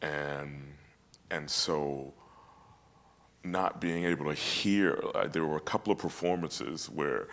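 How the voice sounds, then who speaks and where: Very deep-voiced man, reflective and halting. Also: fairly even intonation, fairly bright tone. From United States. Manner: reflective, halting with many restarts. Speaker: opera singer, guest. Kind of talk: casual conversation.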